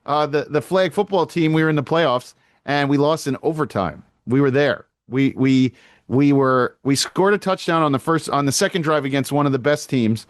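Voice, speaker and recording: A man's voice: fairly high pitch, normal speed, no room sound, clean studio sound. Fired-up, foul-mouthed male podcast co-host. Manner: animated storytelling, swears freely. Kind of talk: casual podcast chat.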